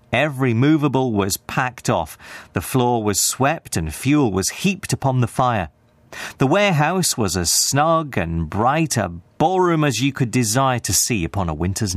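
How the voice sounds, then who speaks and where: A man giving an expressive, scripted narration of a classic story. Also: mid-range voice, dry recording.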